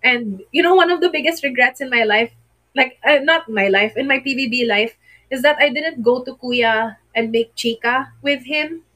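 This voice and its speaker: A woman's voice: high voice, normal speed, bright, forceful tone, poor audio. A young Filipino woman with a Filipino accent, chatting emotionally on a live stream and mixing Tagalog into her English. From Philippines. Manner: emotional, mixes Tagalog into English, greets viewers. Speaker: livestreamer. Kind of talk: casual live stream chat.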